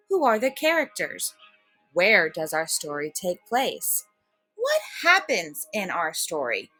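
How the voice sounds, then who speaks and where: A woman teacher reading a fairy tale aloud for a lesson, slow, expressive and clearly enunciated. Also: medium pitch, low-quality recording. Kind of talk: storybook read-aloud lesson.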